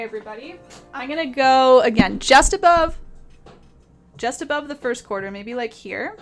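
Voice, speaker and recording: Lady streaming a paint tutorial, kinda high voice, chatty, music playing faintly. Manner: chatty, laughs often, reads out chat.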